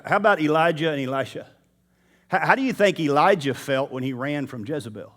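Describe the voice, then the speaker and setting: A man's voice: on the high side, brisk, fairly bright tone. A man preaching a sermon in church, talking casually and straight to the congregation. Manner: conversational, addresses the congregation directly.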